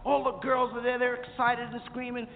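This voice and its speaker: A man telling a slangy comic story in a lively way, from a played comedy record. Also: very high voice, fairly quick, vocal fry. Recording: tinny, hissy, reverberant comedy record.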